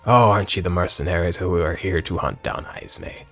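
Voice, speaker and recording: A man voicing a young male bird keeper in a gruff old pirate-like voice, worried and pleading as he reads game dialogue aloud. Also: deep voice, brisk, fairly bright tone, soft background music, pitched below the performer's own voice.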